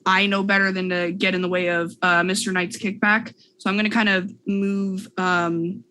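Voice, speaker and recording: A woman's voice: medium pitch, flat delivery, normal speed, sharp tone. A woman playing a tabletop game, chatting casually and asking the game master questions. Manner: chatty, asks questions in turn. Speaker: player.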